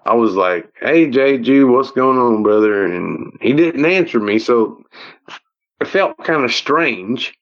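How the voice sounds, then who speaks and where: Slow rambling Ozark man on a lo-fi call. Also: mid-range voice, a bit bright. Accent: Ozark Southern American. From Ozark Mountains, United States. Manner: rambling, repeats himself, folksy phrasing. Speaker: guest telling a personal encounter. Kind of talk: casual storytelling on a call. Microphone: phone call audio.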